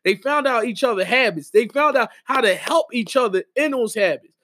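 A man's voice: extremely high pitch, animated, moderate pace, sharp tone. A middle-aged man, podcast co-host and wedding officiant, talking in an emphatic, repetitive, preacher-like way in casual chat.

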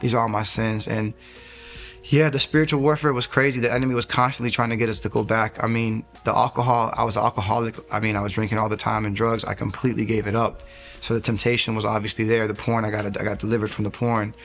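Gravelly-voiced man telling his story earnestly. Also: lowish voice, flat delivery, fast talker, fairly bright tone, faint music behind. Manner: earnest, rambling storyteller, acts out his own quotes. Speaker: interview guest. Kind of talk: personal faith testimony.

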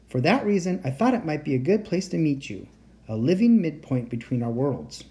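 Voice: mid-range voice, big pitch swings, moderate pace, warm tone. A reader voicing a polite teenage boy enchanter who speaks in formal, old-fashioned phrasing. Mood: earnest.

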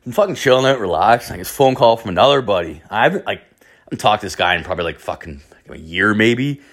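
A man's voice: fairly low pitch, expressive, fast talker, fairly bright tone. A young man, telling a story casually in a rambling, profane way full of fillers.

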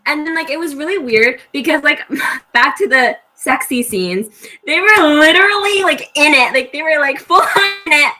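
A woman in a casual book discussion, animated and incredulous, acting out scenes as she talks. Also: high voice, moderate pace. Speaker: book club member.

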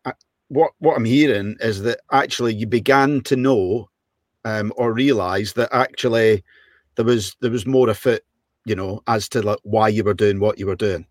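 A man hosting a casual podcast interview, asking halting questions with many restarts. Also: on the low side, dry recording, studio quality. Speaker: podcast host.

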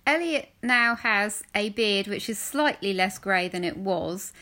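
A woman co-hosting a podcast, teasing her co-host in a deadpan way. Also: mid-range voice, a little slow. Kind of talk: casual banter.

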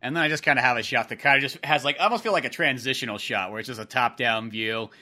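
Young male co-host with a bright, sharp voice who chats loosely and laughs often. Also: mid-range voice, quick pace. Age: young adult. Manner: rambling and laughing, full of "like". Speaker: podcast co-host. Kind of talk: casual chat.

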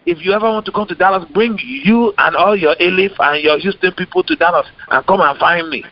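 A man's voice: high voice, brisk, lo-fi sound, pitched above the performer's own voice. A man voicing an angry male commenter with a Nigerian accent, ranting and threatening.

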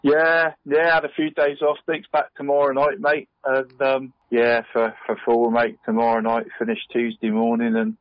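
A man's voice: medium pitch, flat delivery, moderate pace, few pauses, dry recording. A middle-aged man from Cornwall, co-hosting a casual podcast chat and tucking "mate" into nearly every sentence. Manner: chatty, says "mate" constantly. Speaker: podcast co-host. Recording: dull dry podcast audio.

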